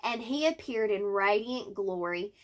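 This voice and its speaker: A woman teaching a Bible story lesson, reading slowly and deliberately with fillers and self-corrections. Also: mid-range voice, expressive.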